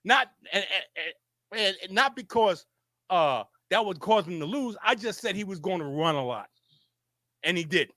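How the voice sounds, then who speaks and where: A man's voice: sits high, lively intonation, unhurried, pushed and bright, no echo. A man hosting a sports show, arguing heatedly, repeating himself and restarting his sentences. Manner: insistent, repetitive, stammering restarts. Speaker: show host. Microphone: facing a camera.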